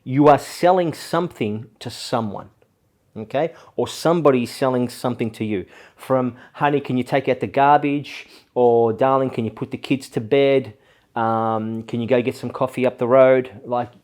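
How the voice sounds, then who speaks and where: Persuasive man, "okay?" habit. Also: medium pitch. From Australia. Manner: energetic, persuasive, repeats "okay?". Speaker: host. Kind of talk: talking-head business advice.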